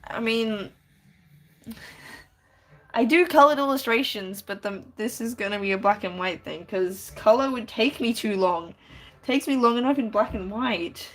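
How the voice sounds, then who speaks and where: Woman streamer, slightly high voice, giggly and chatty, draws while she talks to chat. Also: a little slow, fairly bright tone. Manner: giggly, chatty, reads chat aloud and answers with many restarts. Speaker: live-streaming artist. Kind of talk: casual live-stream chat while drawing.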